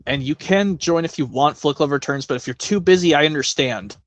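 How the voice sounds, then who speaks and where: A man's voice: on the high side, fairly quick, no room sound. A man hosting a casual live stream, chatting in a rambling way with many self-corrections.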